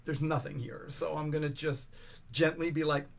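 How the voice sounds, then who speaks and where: A man's voice: a little high, level tone, moderate pace, gravelly. An older man, a podcast guest, telling rambling stories in casual chat, restarting sentences, swearing and acting out the voices of the people he quotes.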